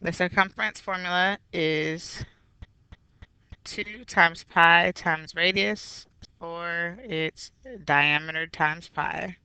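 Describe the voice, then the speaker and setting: Bright, crisp woman teaching math. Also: fairly low pitch, fairly even intonation, slow pace, no room sound. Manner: patient, step-by-step explaining. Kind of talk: recorded geometry review lesson.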